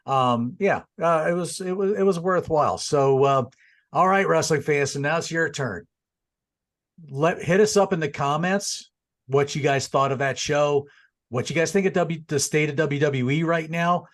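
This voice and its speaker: A man's voice: fairly high pitch, normal speed. Laid-back man hosting a rambling review chat. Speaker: show host.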